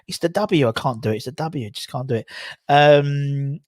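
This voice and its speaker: A man's voice: medium pitch, moderate pace, darkish tone, dry recording. Bloke chatting to his stream, rambly, lots of ums, dry close sound. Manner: chatty, laughing at tongue twisters, rambling with fillers. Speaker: livestream host reading chat. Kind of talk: casual live chat.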